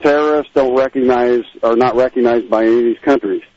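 A man's voice: medium pitch, steady tone, brisk, a little mellow, no echo, dull audio. A man calling in to a radio show, explaining hesitantly with fillers. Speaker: caller. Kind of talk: phone-in call.

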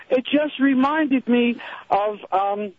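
A man's voice: very high-pitched, slow, phone-quality sound, slight background noise. A male caller telling a story in a casual, hesitant way, with many fillers and restarts.

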